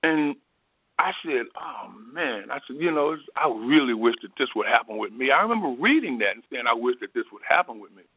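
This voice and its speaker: Soft-spoken man telling a reflective story. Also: medium pitch, animated, breathy edge, no echo. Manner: unhurried, meandering, hesitant with fillers. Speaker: spiritual teacher. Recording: dry, dull lo-fi recording.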